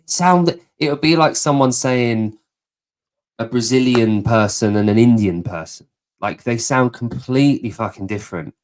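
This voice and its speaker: A man's voice: mid-range voice, normal speed. A man from southeast England with an English accent, hosting a casual podcast chat, laughing easily and swearing now and then. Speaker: podcast host.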